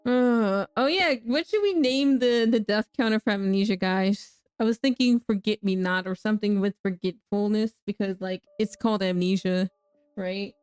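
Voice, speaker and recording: A woman's voice: mid-range voice, moderate pace, darkish tone, clean tone, dry recording, soft background music. A young woman streaming a horror game, talking to chat, laughing and shrieking at danger. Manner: talks to chat, self-mocking. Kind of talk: live gameplay commentary.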